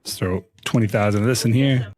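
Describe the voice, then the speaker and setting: A man's voice: on the low side, brisk, darkish tone. A man live-streaming to his chat in a casual, exasperated way, swearing and laughing a lot. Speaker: VTuber streamer.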